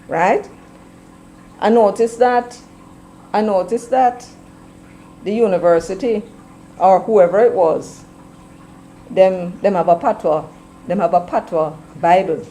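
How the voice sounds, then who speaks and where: A woman's voice: mid-range voice, mellow, a little hiss or hum, poor audio. A woman with a Jamaican accent giving a scolding opinion commentary, firing off rhetorical questions and slipping between English and patois. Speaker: political commentator.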